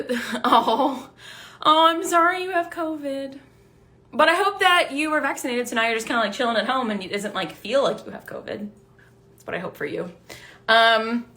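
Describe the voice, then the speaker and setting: A young woman chatting casually as a book vlogger, excitable and swearing freely as she reads book blurbs aloud. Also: mid-range voice. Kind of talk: casual book haul chat to live viewers.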